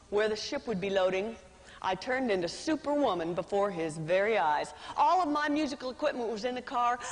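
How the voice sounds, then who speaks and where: A woman giving a speech to a live audience, telling a dramatic story with acted-out voices. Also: fairly high pitch. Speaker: motivational speaker. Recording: reverberant hall.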